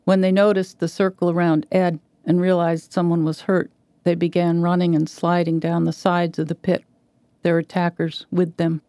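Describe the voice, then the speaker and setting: A woman reading a short story aloud in a measured, even way. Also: lowish voice, no echo. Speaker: guest reader. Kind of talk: literary reading.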